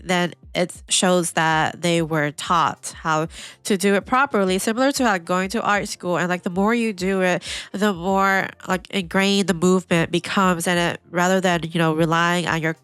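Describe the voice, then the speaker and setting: A woman hosting an anime reaction video, chatting casually and excitably, with lots of "like" fillers. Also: on the low side, normal speed, clean tone, no room sound. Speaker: anime reaction channel host.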